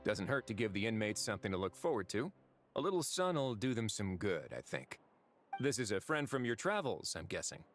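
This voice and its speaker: A man's voice: fairly low pitch, sing-song, fairly quick, fairly bright tone. An actor voicing a wry, laid-back male prison warden in a video game, speaking in a dry, amused drawl. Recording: game audio over music.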